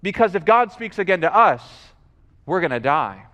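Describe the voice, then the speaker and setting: A preacher acting a panicked crowd begging. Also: male voice, sits high, very animated, normal speed, pushed and bright, dull audio, heavily acted. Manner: panicked, stammering pleas. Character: terrified crowd of ancient men pleading. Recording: long hall reverb.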